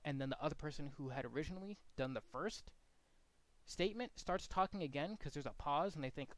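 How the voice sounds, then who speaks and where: Coaching two commentators, a man gives frank, blunt, casual feedback and walks them through examples, demonstrating commentary inflection. His voice is on the high side and his pace is quick.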